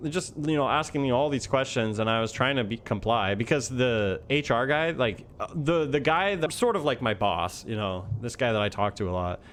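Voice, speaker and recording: A man's voice: medium pitch, animated, normal speed, few pauses, a bit bright, slight background noise. A young man telling a story in a casual, rambling way with many fillers. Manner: rambling, heavy use of fillers. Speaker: vlogger.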